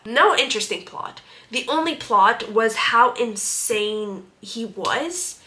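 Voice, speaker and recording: A young woman talks through her book reviews in a casual, animated way, with plenty of exasperated sarcasm. Her voice is bright and sits a little high for a woman.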